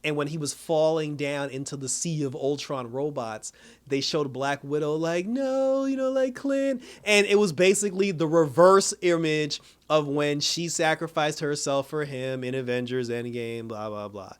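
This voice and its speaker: A young man casually recapping a TV episode, talking in loose slang and acting out characters' lines in quick impressions. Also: fairly high pitch, fairly even intonation, clear, resonant tone. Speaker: video reviewer.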